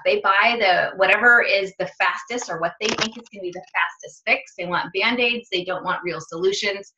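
A woman's voice: medium pitch, bright, forceful tone. A woman fitness coach telling a story in a chatty, rambling way, often correcting herself mid-sentence. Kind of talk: casual storytelling monologue. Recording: dull lo-fi sound.

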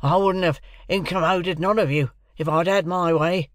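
A man voicing a surly, coarse male convict with a gruff, loud delivery in an audiobook. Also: sits high, fairly even intonation, normal speed, no echo, studio quality, voice pushed up, close to an everyday voice.

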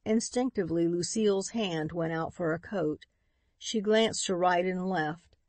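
Woman narrating an audiobook, low and dry. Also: a little slow, a little mellow, dry recording. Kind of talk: scripted narration.

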